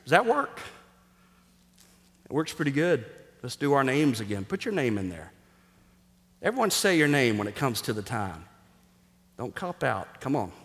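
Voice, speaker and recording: A man preaching a sermon as pastor, energetic and jokey, sometimes rising almost to a shout for emphasis. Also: mid-range voice, normal speed, pauses often. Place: church sanctuary. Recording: reverberant hall.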